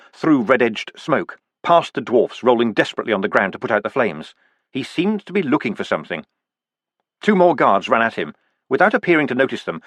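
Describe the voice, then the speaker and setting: A man narrating an audiobook in a vivid, expressive way, with deliberate pauses. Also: medium pitch, no room sound.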